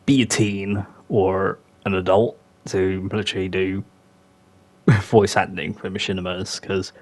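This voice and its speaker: Slow, low-voiced young man rambling. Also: flat delivery. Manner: rambling, loose, many fillers. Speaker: podcast host. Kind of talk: casual podcast chat.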